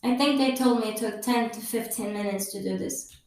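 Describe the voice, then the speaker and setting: A woman's voice: a little high, fairly quick, a little mellow. Woman telling her story in an echoey room. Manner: candid, swears freely, acts out quoted people; non-native English grammar. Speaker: podcast host. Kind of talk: personal storytelling monologue. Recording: very echoey room, mic far off.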